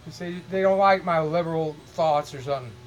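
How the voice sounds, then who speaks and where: A man's voice: fairly high pitch, fairly quick, a little hiss or hum, rough recording. A middle-aged man from Illinois, rambling to camera at home in an aggrieved tone, often repeating words as he restarts. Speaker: vlogger. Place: at his home.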